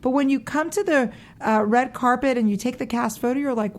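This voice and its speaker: A woman's voice: high voice, a little fast, few pauses, a little hiss or hum. A woman, an actress guest on a radio interview show, chatting casually, laughing often and using lots of "like" and "you know".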